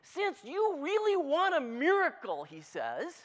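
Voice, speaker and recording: A preacher giving a conversational sermon, telling a story in an animated, chatty way. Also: sits high, a little slow. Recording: long hall reverb.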